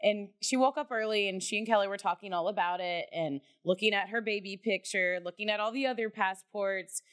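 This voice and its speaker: A woman co-hosting a podcast, telling a story in a loose, animated way, laughing often and swearing casually. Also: medium pitch, fairly quick. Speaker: podcast co-host.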